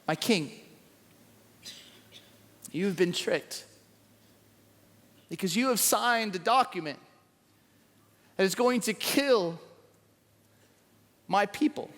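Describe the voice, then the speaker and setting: A man's voice: high-pitched, expressive, slow, long pauses, a bit bright, voice pushed down, exaggerated voice. Grave queen making an earnest plea, voiced by a man preacher; long hall reverb. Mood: solemn. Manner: solemn, earnest accusation. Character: grave pleading female queen. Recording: echoey large hall.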